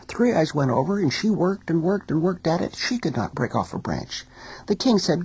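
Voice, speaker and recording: A woman teacher telling a folk tale in a recording studio, as an expressive storyteller. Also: on the low side, breathy edge, low-quality recording. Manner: expressive storyteller, sings small refrains slowly.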